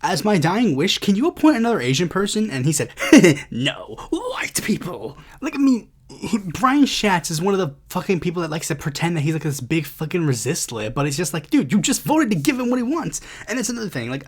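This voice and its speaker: Young male podcast host, profane sarcastic ranter, higher-than-usual voice with very lively swings. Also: fast, few pauses, slightly rough. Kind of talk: casual political commentary.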